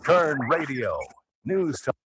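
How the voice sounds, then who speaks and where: Station ID voice, male. Slow, drawn out, lively pitch, light music behind. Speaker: station announcer. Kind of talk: station ID imaging.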